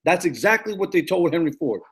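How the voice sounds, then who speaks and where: A man in his thirties, a life coach giving a casual, energetic motivational talk that repeats its points and often stumbles and restarts. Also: fairly high pitch, fairly quick. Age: 30s. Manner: energetic, repetitive, preachy pep talk.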